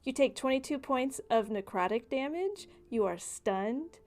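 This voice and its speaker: A woman's voice: high-pitched, animated, measured pace, darkish tone. A woman narrating a tabletop game as game master, speaking casually with lots of fillers.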